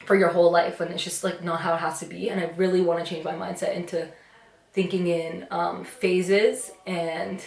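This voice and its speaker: A twenties YouTuber chats casually through a get-ready-with-me vlog, rambling and reflective with plenty of "like" and "you know." Her voice is lowish, level and a little mellow, with vocal fry and a moderate pace. It's picked up on a camera mic in an echoey room.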